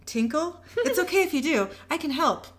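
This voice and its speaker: A woman voicing an overeager, clingy young woman who talks in a high, sing-song sweetness. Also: big pitch swings, normal speed. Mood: sugary eager.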